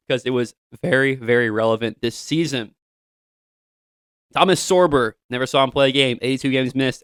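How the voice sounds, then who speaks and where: Young guy doing his sports show, super hyped fan energy, smooth clear voice, dry close mic. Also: medium pitch, dry recording. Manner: animated, hyped fan delivery with frequent asides to listeners. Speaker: show host. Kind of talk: solo sports podcast talk.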